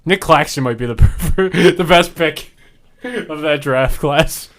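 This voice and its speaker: Here a podcast co-host with a fairly high-pitched, fairly bright male voice reads phone messages out loud in casual chat, laughing between lines. He speaks at a measured pace.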